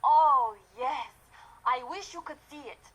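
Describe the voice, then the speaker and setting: A courteous German castle steward. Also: female voice, sits high, slow, fairly bright tone, low-quality recording. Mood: wistful. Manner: courteous, formal, slightly apologetic. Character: polite female castle steward, German-accented.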